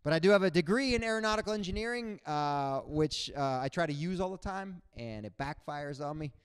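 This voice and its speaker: Guy doing stand-up on stage, kinda high voice, jumps around in pitch doing everyone's voices. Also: a little fast, clear, resonant tone. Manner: animated, acts out other people's voices. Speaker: stand-up comedian. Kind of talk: stand-up comedy set. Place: on stage before a live audience.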